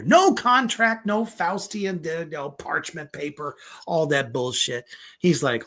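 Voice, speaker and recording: A male horror review host who talks in an unhurried drawl and swears freely. He rambles, piles on fillers and breaks into laughter as he gushes over the films. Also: fairly high pitch. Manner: profane, excitable, rambling with many fillers; laughs often. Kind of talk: casual film review.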